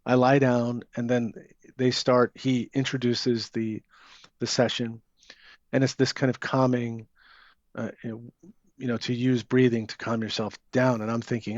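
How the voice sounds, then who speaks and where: A man's voice: medium pitch, flat delivery, measured pace, no echo. A man, an author giving an interview, talking casually and hesitantly with many fillers and restarts. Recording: dull lo-fi sound.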